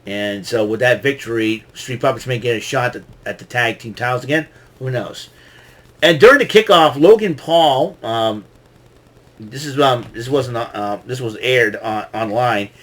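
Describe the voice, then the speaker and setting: A man hosts his own show and recaps events into a microphone in a loose, casual monologue. His voice sits at an ordinary middle pitch. He rambles, trails off and restarts his sentences as he goes. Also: moderate pace, a bit bright. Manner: rambling, with frequent restarts and fillers. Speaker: show host. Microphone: talking into a microphone.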